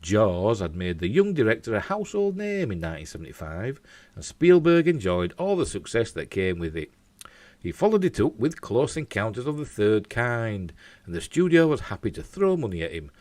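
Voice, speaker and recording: A man with a Yorkshire accent reads entertainment news in a lively voice that swings up and down. His voice sits low, and the recording is close and dry. He breaks in now and then with jokey asides. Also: moderate pace, dry recording. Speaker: host.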